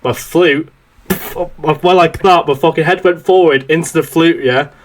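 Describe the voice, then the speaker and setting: A man's voice: fairly high pitch, a little slow, slight background noise. Sweary young man telling a story. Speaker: podcast host. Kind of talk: casual chat, swearing anecdote.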